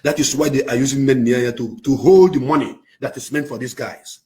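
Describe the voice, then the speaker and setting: A man with a Nigerian accent delivers a fiery, impassioned rant to the camera, swinging between shouting and low, intense passages. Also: fairly even intonation, a little fast. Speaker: activist speaking to camera.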